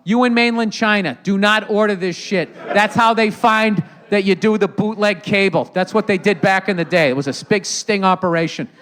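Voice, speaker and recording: A man's voice: high-pitched, normal speed, hardly any pauses, a bit bright. A man hosting a live podcast taping on stage, riffing sarcastically and profanely with the audience. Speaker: comedian host of a podcast. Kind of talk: live stand-up podcast taping with crowd work.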